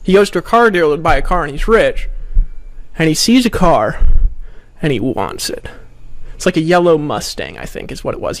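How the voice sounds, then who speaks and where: A man with a notably high-pitched voice coaches his audience through a sales training. His delivery is casual and playful, full of jokes and repeated phrases. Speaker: network marketing trainer.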